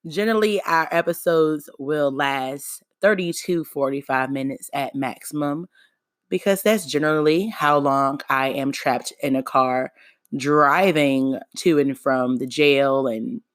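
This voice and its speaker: A woman's voice: low-pitched, dry recording, clean studio sound. A woman hosting her own podcast, talking alone in a playful, sarcastic, chatty way. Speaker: podcast host. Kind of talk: casual solo podcast monologue.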